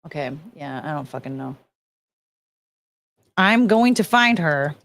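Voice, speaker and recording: A woman's voice: low-pitched, animated, measured pace, a bit bright, dry recording. A woman hosting a casual stream, chatting frankly and crudely with viewers, giggling often.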